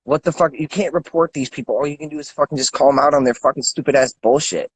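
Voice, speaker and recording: Husky angry man ranting. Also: a little high, fast, poor audio. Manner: angry, profane, stammering repeats. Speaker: guest. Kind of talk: angry rant.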